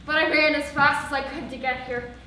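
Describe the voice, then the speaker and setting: A nervous, bumbling young soldier stammers through his report, played by a teenage girl on a school stage. The voice is high and bright, carried from afar through a very echoey theatre hall. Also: fairly even intonation, brisk. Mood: flustered. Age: teens. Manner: rambling, giggly, flustered. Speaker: student actor. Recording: echoey hall, distant stage mic, faint hiss.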